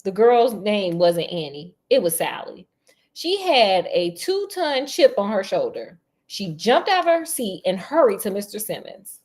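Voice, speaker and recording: A woman reading a novel aloud as a storyteller, breaking off for sassy, animated asides. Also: mid-range voice, a little slow.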